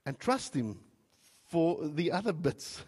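A South African pastor preaches to his congregation in a slightly higher-than-average, husky male voice. Very animated but slow, he tells his story in waves, going soft and quiet, then rising loud with feeling. The recording has the long reverb of a church hall.

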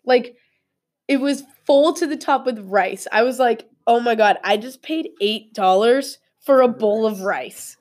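A young woman in casual podcast chat, telling stories in an animated way and laughing often. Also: fairly high pitch, unhurried.

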